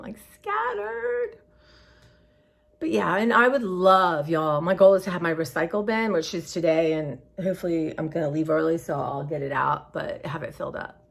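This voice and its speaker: This woman speaks in a low, creaky voice during a casual, rambling vlog. Tired and emotional, she chats in a scattered way and peppers her talk with "y'all."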